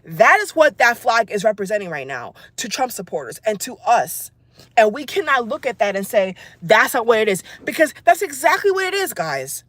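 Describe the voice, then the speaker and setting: An upset woman vents straight to her audience, her pitch swinging widely as she hammers each point home by repeating it. She sits a little high in her register, and the sound is close and dry. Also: sing-song, normal speed, a bit bright, no echo. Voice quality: emphatic, repeats phrases, addresses viewers as guys. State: angry and upset. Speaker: vlogger. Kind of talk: angry political rant to camera.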